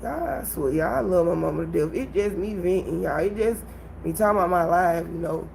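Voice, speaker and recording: A woman hosting her own livestream, telling a personal story in an animated way and talking straight to her viewers. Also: fairly low pitch, fairly quick, gravelly, a little hiss or hum, low-quality recording. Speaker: livestream host. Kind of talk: casual livestream venting.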